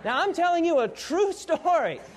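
Middle-aged male preacher, very high voice, storytelling sermon, asks the congregation questions. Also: big pitch swings, moderate pace, some chatter behind, a little hiss or hum.

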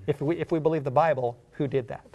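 A man's voice: on the high side, steady tone, fast, warm tone, a little hiss or hum. A man preaching a sermon. He explains a Bible passage as a story in an earnest way and builds to emphatic questions.

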